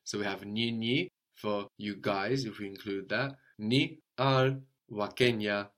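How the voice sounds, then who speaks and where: A man teaching a language lesson, patiently drilling words, repeating a learner's answers slowly and praising them. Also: fairly low pitch, a bit bright.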